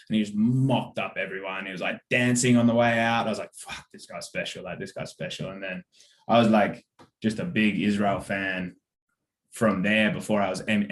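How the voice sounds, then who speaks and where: A man's voice: on the low side, reverberant. An Australian man, a sports manager, telling his story in a loose, casual interview, with lots of fillers and the odd swear word. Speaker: sports manager, podcast guest.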